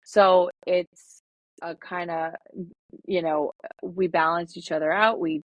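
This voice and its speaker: A woman co-hosting a podcast, talking in a relaxed, rambling way with lots of fillers. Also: fairly low pitch, takes it slowly, dry recording, poor audio. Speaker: podcast co-host. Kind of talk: casual podcast chat.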